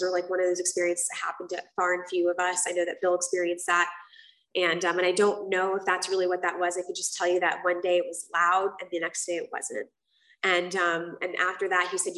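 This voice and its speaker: A woman's voice: on the low side, a bit bright. A woman giving a casual, candid personal testimony as the speaker at a recovery meeting, full of fillers and the odd swear word. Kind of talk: personal testimony to a live group. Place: meeting room. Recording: roomy sound from a distance.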